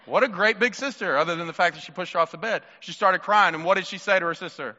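A man preaching a sermon in an animated, playful way, talking with the congregation. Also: high-pitched, fast, few pauses, long reverb tail, muffled recording. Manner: animated, playful, talks to the crowd.

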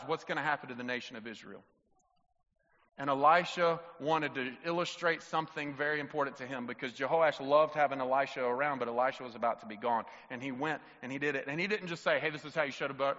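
A man preaches in a fairly high, forceful and bright voice. He acts out the story in quiet asides, then builds to fervent appeals to the congregation. The recording is dull and lo-fi, with long reverb from a big church hall. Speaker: pastor. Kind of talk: sermon. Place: church sanctuary.

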